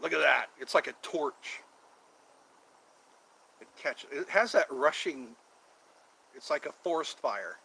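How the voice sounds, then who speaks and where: A man's voice: on the high side, lively intonation, slow pace, vocal fry, long pauses, sharp tone, slightly rough, low-quality recording. A man hosting a casual outdoor stream, chatting in a meandering, jokey way and drawing out some words. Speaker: channel host. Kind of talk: rambling casual livestream chat.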